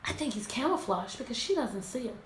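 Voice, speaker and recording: A woman teacher reading a picture book aloud to her class, animated and asking many questions. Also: fairly high pitch, brisk. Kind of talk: interactive read-aloud lesson. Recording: echoey room, faint background noise.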